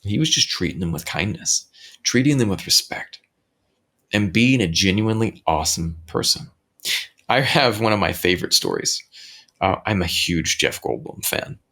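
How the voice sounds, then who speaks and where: A man hosting his own podcast, talking earnestly and reflectively on his own at home, often halting and restarting his sentences. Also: low voice, lively intonation, bright, forceful tone. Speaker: podcast host. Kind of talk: reflective solo talk. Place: home recording setup.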